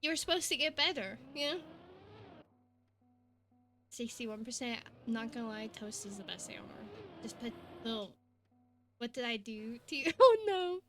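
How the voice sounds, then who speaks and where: A young woman streaming a game, chatting excitably with her viewers and laughing often. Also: fairly high pitch, moderate pace, pauses often, faint music behind. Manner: excitable, giggly, chatty with chat. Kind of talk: casual gaming live-stream chat.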